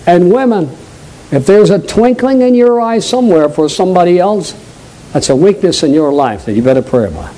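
High-voiced preacher with a New England accent. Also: male voice, lively intonation, fairly quick, low-quality recording. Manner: emphatic preaching, swinging between loud high stresses and low quiet asides; draws the congregation in with direct questions. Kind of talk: sermon.

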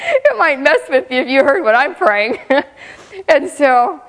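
A woman with a somewhat high voice tells her mission testimony in an animated, humorous way, laughing often as she goes. Her voice rings with the long reverb of a church hall. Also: takes it slowly. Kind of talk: lively testimony talk.

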